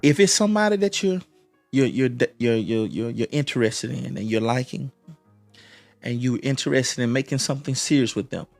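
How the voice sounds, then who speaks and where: A man's voice: medium pitch, normal speed, creaky, soft background music. A man hosting a live stream, giving relationship advice in a preachy way, repeating phrases and restarting often. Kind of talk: motivational live-stream talk.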